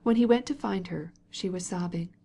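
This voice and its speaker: A woman narrating a classic novel as an audiobook, in measured storytelling. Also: fairly low pitch, vocal fry, warm tone, breathy edge. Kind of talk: scripted narration.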